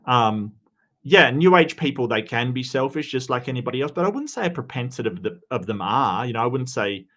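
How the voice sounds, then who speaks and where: A man's voice: medium pitch, animated, brisk, fairly bright tone. A man giving casual commentary on video clips, rambling and often stammering as he restarts his sentences. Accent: non-American.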